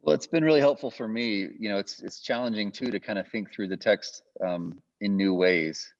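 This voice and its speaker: Low-voiced man lecturing conversationally. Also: normal speed, dry recording. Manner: loose, thinking aloud with fillers. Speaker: guest lecturer. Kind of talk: conversational teaching. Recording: muffled lo-fi audio.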